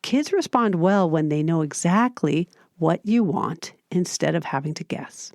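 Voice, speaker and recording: A woman hosting a parenting podcast, giving scripted advice in a calm, steady, explanatory way. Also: on the low side, measured pace, vocal fry, no echo, clean studio sound. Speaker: podcast host.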